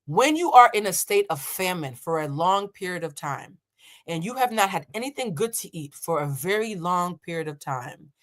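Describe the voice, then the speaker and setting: A woman in her thirties, an emotional intelligence coach, telling a story in a blunt, profane way and acting out the people in it. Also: fairly low pitch. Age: 30s. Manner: animated, blunt and profane, acts out quoted voices. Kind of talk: storytelling reaction commentary.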